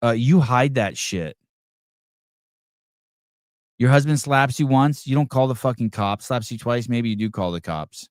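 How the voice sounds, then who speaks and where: Man, middle-aged podcast host, crude rambling rant, mid-pitched voice, dry sound. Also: unhurried, pauses often, dry recording. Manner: profane, blunt, rambling rant. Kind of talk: live call-in show commentary.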